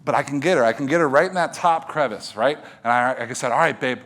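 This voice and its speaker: A middle-aged man telling a story to an audience as a motivational speaker, animated, swinging from hushed to loud. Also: medium pitch, fast talker.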